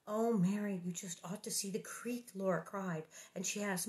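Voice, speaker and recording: A woman reading a children's novel aloud and breaking off into jokey, animated asides. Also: medium pitch, moderate pace, few pauses. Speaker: book reader and host.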